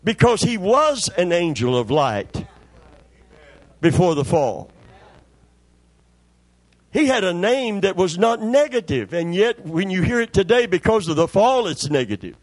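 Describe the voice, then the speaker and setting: High-voiced man telling a folksy sermon story. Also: sing-song, measured pace, pauses often, dry recording. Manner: repeats words for emphasis. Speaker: pastor.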